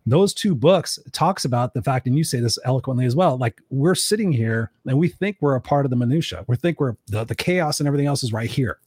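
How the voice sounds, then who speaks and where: Fast-talking husky man hosting a chat. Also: medium pitch, no room sound, clean studio sound. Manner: animated, swears freely, acts out quoted voices. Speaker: podcast host. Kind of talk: casual coaching conversation.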